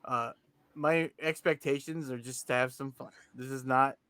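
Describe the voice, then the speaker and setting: Bright, lively podcast host guy. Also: medium pitch, normal speed, clear, resonant tone, dry recording. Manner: animated, self-deprecating, talks to listeners. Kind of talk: casual podcast chat. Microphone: podcast microphone with headphones.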